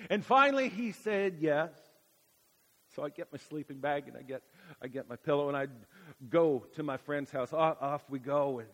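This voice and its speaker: A man preaching a sermon, telling a childhood story with dramatic swings from hushed to loud. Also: mid-range voice, in a large hall.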